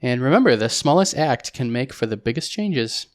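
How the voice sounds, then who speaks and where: A young man in casual podcast chat who thinks out loud and rambles through his points with lots of fillers. His voice sits at a middling pitch for a man. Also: big pitch swings, normal speed. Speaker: podcast co-host.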